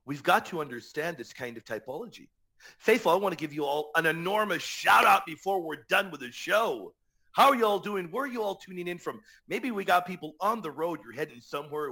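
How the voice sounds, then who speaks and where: Animated, bright-voiced male radio host. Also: on the high side. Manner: energetic, emphatic, slangy shout-outs to listeners. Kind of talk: live Catholic apologetics radio talk.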